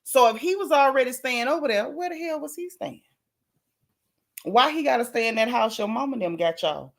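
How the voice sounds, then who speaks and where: Woman w/ aave doing a gossip livestream, kinda high voice, reading chat out loud all animated. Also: a little fast, gravelly. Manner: animated, reads chat comments aloud. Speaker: host.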